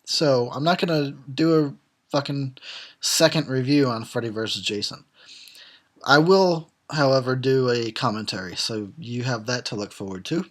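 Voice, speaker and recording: A man's voice: mid-range voice, normal speed. A tired man who has been drinking, giving casual, profane, sarcastic commentary on a film and chuckling often. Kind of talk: casual drunk movie commentary.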